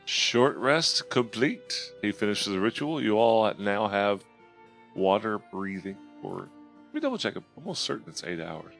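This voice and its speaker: A man running a tabletop role-playing game as game master, chatty and quick to laugh. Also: lowish voice, very animated, vocal fry, fairly bright tone, faint music behind.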